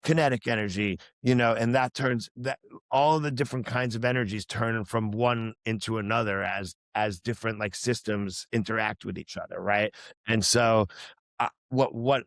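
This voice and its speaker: A man's voice: on the low side, steady tone, moderate pace, no room sound. A man, a musician guest on a podcast, earnestly telling a rambling personal story with many restarts and fillers. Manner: earnest, reflective. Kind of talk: casual storytelling chat.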